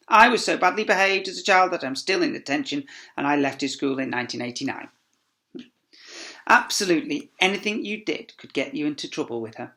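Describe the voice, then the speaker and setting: A man's voice: fairly high pitch, creaky, a bit bright. A man, a teacher reading a children's story aloud, with playful asides to young listeners. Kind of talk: expressive storybook read-aloud.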